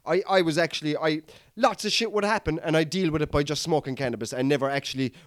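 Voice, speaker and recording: An Irish man who hosts a comedy podcast tells a rambling, sweary story, calling his listeners lads in a casual storytelling monologue. He talks fast in a voice on the high side, and the clean studio recording has no echo.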